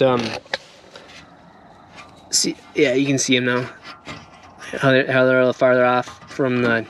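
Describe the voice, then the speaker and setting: A young man with a Midwestern accent talks through his boat in a loose, rambling way, full of "uh"s and quick laughs. His voice sits at an ordinary middle pitch. The outdoor recording carries clear background noise and he drifts nearer and farther from the camera. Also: a bit bright. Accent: Midwestern American. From Minnesota or the Midwest. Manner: rambling, laughs often, many fillers. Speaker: vlogger showing his boat. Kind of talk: casual walkthrough. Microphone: camera set on the boat, distance varies.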